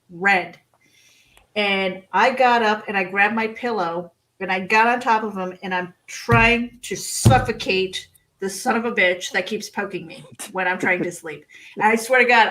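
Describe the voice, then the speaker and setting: Animated woman telling a funny story. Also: medium pitch, poor audio. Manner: animated storyteller, laughs often, acts out quotes. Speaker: guest author. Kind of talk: casual storytelling interview.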